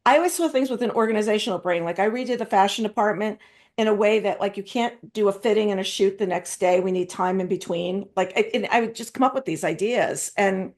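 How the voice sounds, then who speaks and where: Middle-aged female host, casual storyteller, animated with quoted voices and frequent laughs. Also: mid-range voice, quick pace. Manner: lively storyteller, laughs often, quotes others. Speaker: interviewer and host. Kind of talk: casual anecdotal chat.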